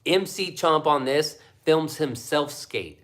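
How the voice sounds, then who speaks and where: A man's voice: on the high side, slow pace. A man hosting a casual livestream, reading viewer chat and ranting with lots of swearing. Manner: profane, animated ranting. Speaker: livestream host.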